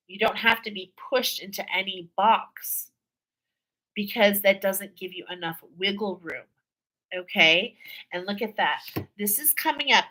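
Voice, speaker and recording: Bright-voiced woman reading tarot cards. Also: medium pitch, low-quality recording. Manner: chatty, repeats herself, frequent "okay?" and laughs. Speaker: tarot card reader. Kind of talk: casual spiritual card reading.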